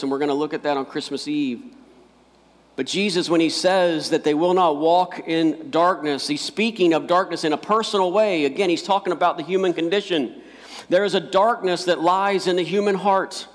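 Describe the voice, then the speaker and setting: A man's voice: a little high, long reverb tail. A male pastor preaching a sermon, emphatic and repeating key phrases for weight.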